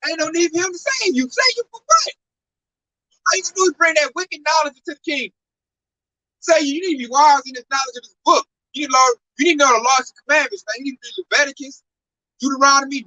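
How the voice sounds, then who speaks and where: High, bright-voiced man preaching from afar. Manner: emphatic and repetitive, keeps tacking on "man". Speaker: religious teacher. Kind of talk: preachy casual talk. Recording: distant mic with faint noise.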